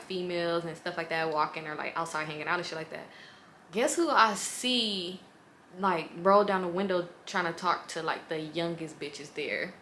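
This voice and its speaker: A woman in her twenties, vlogging a casual storytime in a blunt, profane, animated way, full of "like" and asides. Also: lowish voice, a little hiss or hum.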